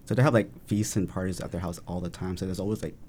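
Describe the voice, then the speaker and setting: A young man in a casual podcast chat, relaxed and full of fillers and small laughs. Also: low voice, very fast, a little hiss or hum. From Vietnamese family in the US. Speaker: podcast guest.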